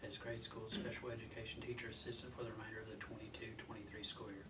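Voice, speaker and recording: A man on a school board reads out motions at a brisk clip in a flat voice. The sound is distant and echoey, with noise in the background. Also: fairly low pitch. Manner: reads motions quickly and plainly. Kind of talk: formal meeting motions. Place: meeting room. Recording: echoey room, distant mic, noisy.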